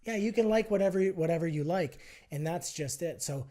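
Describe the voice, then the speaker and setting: Guesting on a podcast, a man from the health and fitness business argues persuasively in relaxed conversation, acting out each side of a debate. The voice is mellow, somewhat high and fairly quick.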